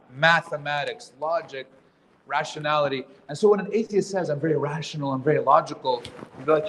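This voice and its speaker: A man with a slightly higher voice teaches a live workshop, talking casually and putting questions to his audience. He slips in jokes between his points. A faint noise sits underneath him. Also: fairly bright tone. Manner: conversational, quizzes the audience, jokes. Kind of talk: interactive workshop lecture.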